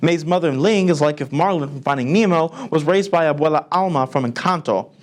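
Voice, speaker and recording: A teenage boy giving a scripted school-TV movie review in a deadpan voice. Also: a little high, brisk. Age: teens. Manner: deadpan delivery. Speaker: student film reviewer.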